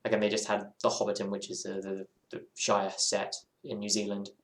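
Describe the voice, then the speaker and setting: A man streams a game and chats in a casual, rambling, musing manner, repeatedly breaking off and returning to earlier thoughts. He speaks briskly in a monotone, with a fairly low pitch and a roomy sound.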